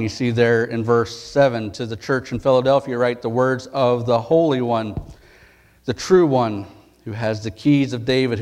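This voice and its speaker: A male pastor reading scripture and preaching a sermon, earnest and emphatic, rising in pitch and force at key points. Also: darkish tone.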